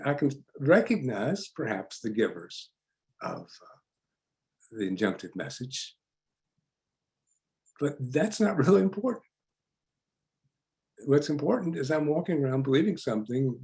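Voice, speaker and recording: An older male psychologist with a mellow, mid-range voice leads a workshop, telling stories in a chatty lecture. He often repeats words as he restarts, and it was recorded from an online session.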